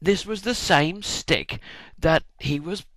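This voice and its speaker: A man vlogging a comic retelling of a story, irreverent and swearing, acting out shouted cheers now and then. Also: on the high side, slow, no room sound. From United Kingdom.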